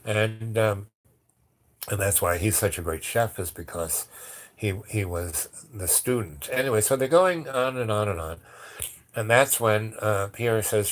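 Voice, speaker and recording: A man's voice: fairly low pitch, lively intonation, a little slow. A man telling a long story in a casual, rambling way, with many fillers and restarts, acting out the dialogue.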